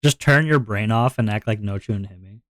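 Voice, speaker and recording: Soft-spoken young man streaming, halting. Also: on the low side, no room sound, clean studio sound. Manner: halting, self-deprecating, restarts and trails off. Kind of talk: casual live-stream chat.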